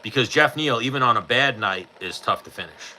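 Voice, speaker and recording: A man's voice: medium pitch, lively intonation, brisk, bright, forceful tone, slight background noise, rough recording. A man, hosting a podcast and answering chat questions in a blunt, profane, offhand way. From New York. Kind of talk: casual chat.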